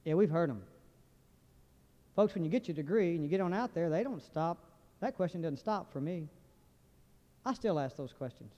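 A man's voice: a little high, expressive, normal speed, long pauses, dark tone. A man preaching a sermon in a folksy, joking way, firing questions at the congregation. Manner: folksy, humorous, asks the crowd questions. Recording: dull recording with long hall reverb.

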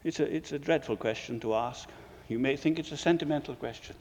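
A man preaching to fellow preachers with emphatic rhetorical questions, his voice soaring and then dropping to a hush. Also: medium pitch, brisk, a little hiss or hum. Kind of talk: sermon lecture. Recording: long reverb of a large hall.

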